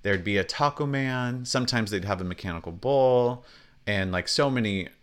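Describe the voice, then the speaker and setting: A man co-hosting a pop-culture podcast in casual chat, laughing often and talking in quick asides. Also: medium pitch, smooth. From Southern California. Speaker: podcast co-host.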